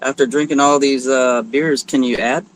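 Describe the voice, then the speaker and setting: A man co-hosting a casual livestream, easygoing and hesitant with frequent pauses. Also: medium pitch, fairly even intonation, slight background noise, poor audio. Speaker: guest co-host.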